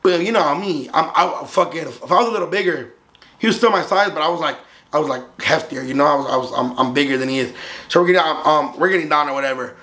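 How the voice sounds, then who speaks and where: A young man tells a story in a casual vlog, with a gravel-edged voice set a little high for a man. He swears freely and jumps into loud, animated impressions of the people in the story. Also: a little fast. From Southern California. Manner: profane, animated, acts out the other voices. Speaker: vlogger.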